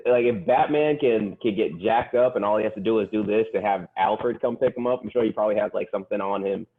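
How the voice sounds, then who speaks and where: A man's voice: fairly low pitch, fast. A man co-hosting a casual podcast chat, retelling scenes in a rambling, slangy way. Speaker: podcast co-host. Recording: tinny phone-like sound.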